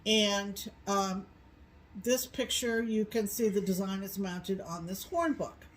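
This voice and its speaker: Casting: middle-aged woman co-host, unhurried, meandering with ums, from New England. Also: medium pitch, a little hiss or hum, low-quality recording. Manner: slow, rambling with many ums. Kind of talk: casual chat.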